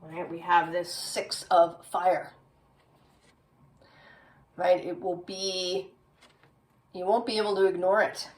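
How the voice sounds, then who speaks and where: A woman reads tarot cards in an unhurried, low-pitched voice, musing aloud and checking in with "right?". She sits a little way back from the mic, so her voice sounds slightly distant. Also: little pitch movement. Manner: slow, musing, with many "right?" tags. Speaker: tarot reader. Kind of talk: tarot reading.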